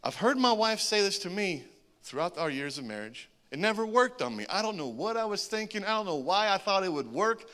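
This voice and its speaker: A man in his forties preaching a sermon as a humorous, animated story, often chuckling between lines. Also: high voice, fairly quick. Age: 40s. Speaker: pastor.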